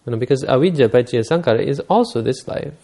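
A man's voice: medium pitch, animated, fast talker, gravelly, mellow. A man giving a Buddhist dharma talk, telling stories and explaining teachings unhurriedly, using Pali terms.

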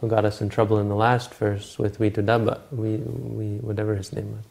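A man's voice: on the low side, level tone, fairly quick, gravelly, darkish tone. A man retelling a Buddhist scripture story in a talk, informal and searching aloud for words and names.

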